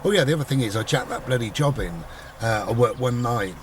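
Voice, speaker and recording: A man's voice: medium pitch, lively intonation, fairly quick. A middle-aged man, telling a personal story in a rambling, casual way. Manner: rambling, conversational, voices quoted people. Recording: voice a bit far from the mic, faint background noise.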